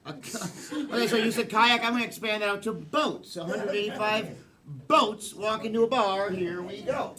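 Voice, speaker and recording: High-voiced male improv host. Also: moderate pace. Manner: upbeat, addresses the audience. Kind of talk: live improv hosting. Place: comedy theater stage with audience. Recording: live room with audience crowd noise.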